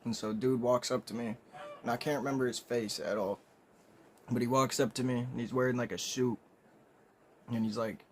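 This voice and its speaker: A young man telling a comedic story in a casual, rambling way, swearing often and clearing his throat and coughing. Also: medium pitch, fairly even intonation, moderate pace, long pauses, a little hiss or hum.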